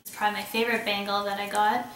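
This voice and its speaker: A woman's voice: medium pitch, little pitch movement, rapid-fire, a bit bright. A young woman chatting casually and enthusiastically as she shows off clothes and accessories, thinking aloud as she goes. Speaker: beauty vlogger. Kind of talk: casual haul video. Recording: roomy echo, somewhat far from mic, faint hiss.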